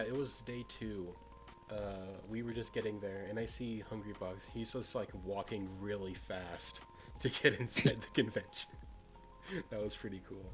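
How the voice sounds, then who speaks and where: A young man co-hosting a podcast, telling a story in a rambling, casual way with many fillers. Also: fairly low pitch. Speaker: podcast co-host. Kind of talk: casual chat among friends.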